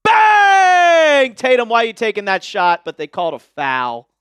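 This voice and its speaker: High-voiced, animated male stream host. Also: a little fast, clear, resonant tone, dry recording. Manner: jokey, chatty, addresses viewers by name. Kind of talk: casual livestream chat.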